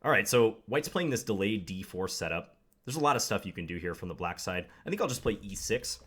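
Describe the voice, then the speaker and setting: A man's voice: fairly low pitch, lively intonation, a little fast, fairly bright tone, breathy edge. A young man commenting live on his own game, thinking aloud with wry, self-deprecating asides. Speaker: chess commentator.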